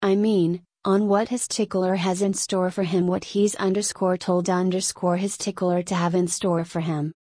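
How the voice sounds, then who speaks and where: A woman's voice: on the low side, flat delivery, mellow, breathy edge, no room sound. Woman narrator doing a tired, fussy older-middle-aged man; dry read. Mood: brisk. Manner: tired and yawning, then briskly cheerful.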